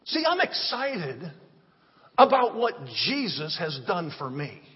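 Male pastor, sermon, exuberant call-and-response, high swooping voice, long church reverb. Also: big pitch swings, dull audio. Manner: exuberant, call-and-response preaching with drawn-out phrases. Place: church sanctuary.

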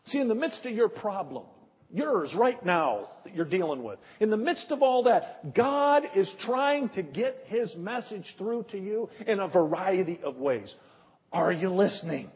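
A husky male pastor preaches slowly, leaning on rhetorical questions and long pauses. His high voice climbs and drops dramatically from word to word. The sound is dull and carries a long hall reverb. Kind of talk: sermon.

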